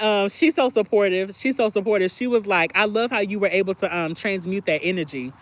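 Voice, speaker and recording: A young man talking candidly on a livestream, confiding and expressive, acting out bits of phone conversations and often clearing his throat. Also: sits high, brisk. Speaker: livestream host. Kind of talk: candid personal livestream chat.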